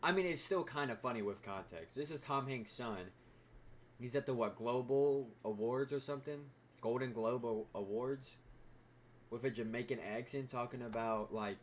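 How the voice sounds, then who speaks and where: Casting: young guy, mid-pitched, rambling reaction-video host, cusses freely. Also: moderate pace, a little hiss or hum. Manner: rambling, full of "like" and swearing. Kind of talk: casual reaction commentary.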